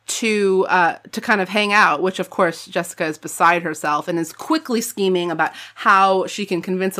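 A woman's voice: mid-range voice, fairly bright tone. A woman co-hosting a casual book podcast, chatty and wry, laughing as she talks. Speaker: podcast co-host.

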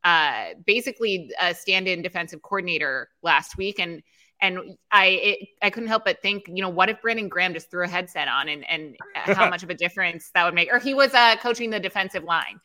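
A woman's voice: lowish voice, brisk, pushed and bright. A woman co-hosting a post-game sports show, chatty and teasing. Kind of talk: casual sports talk.

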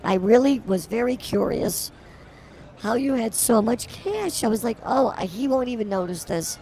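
A woman's voice: on the high side, lively intonation, normal speed, a little mellow, slight background noise. A woman co-hosting a comedy podcast, teasing and rambling through improvised banter. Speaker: podcast co-host.

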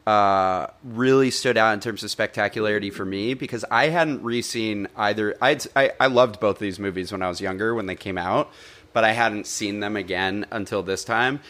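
A man co-hosting a casual film review podcast, animated and joking, with casual swearing. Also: fairly low pitch, normal speed.

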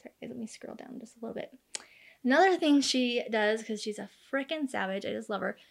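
A woman's voice: a little high, animated, a little fast, creaky. A woman in her thirties casually recounting a true crime case, chatty and full of fillers, acting out the quoted lines. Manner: chatty, many fillers, acts out quoted dialogue.

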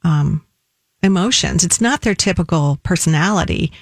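Woman nutritionist hosting a radio show, lowish voice, calm and measured, dry studio sound. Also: dry recording. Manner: measured, warm explaining, slows down for phone numbers. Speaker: nutritionist co-host.

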